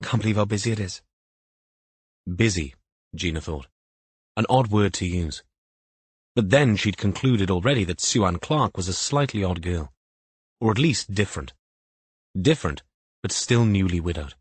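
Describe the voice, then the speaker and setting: Husky low-voiced male narrator. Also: expressive, moderate pace, pauses often, no echo. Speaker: audiobook narrator. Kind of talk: scripted narration.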